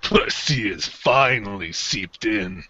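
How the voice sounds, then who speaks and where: A man's voice: fairly low pitch, lively intonation, a little slow, bright, forceful tone, slightly rough, no room sound, voice pushed down, full character voice. A man voicing a smug, gloating villain in a live fan reading. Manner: gloating, theatrical. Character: smug male villain with poison magic. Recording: dull dry podcast audio.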